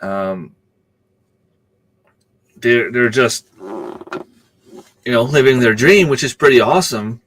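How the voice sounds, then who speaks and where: A man's voice: mid-range voice, slow, pauses often, fairly bright tone, slight background noise. A man hosting a casual live stream, rambling in a chatty way and answering viewer comments as he goes.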